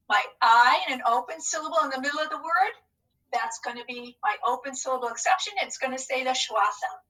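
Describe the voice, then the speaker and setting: A woman's voice: high-pitched, pushed and bright, distant mic, low-quality recording. A woman teacher leading a recorded phonics lesson, upbeat and coaxing as she talks to unseen students.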